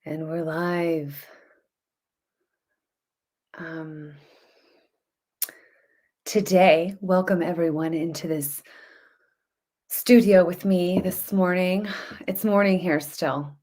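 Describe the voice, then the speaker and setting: A woman's voice: on the low side, steady tone, slow, pauses often, a little mellow. A woman hosting a casual live stream, chatty and rambling, greeting viewers by name between topics. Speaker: livestream show host.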